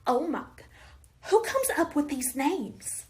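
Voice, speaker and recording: A woman putting on a prim older lady who shocks easily, in a comedy sketch. Her voice sits fairly high, and she is genteel and polite, calling people darling. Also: very animated, a little slow, a little mellow. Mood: flustered.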